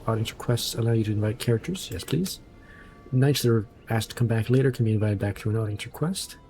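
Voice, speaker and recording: A man's voice: mid-range voice, dark tone. A man streaming a game, commenting in a casual, offhand and joking way.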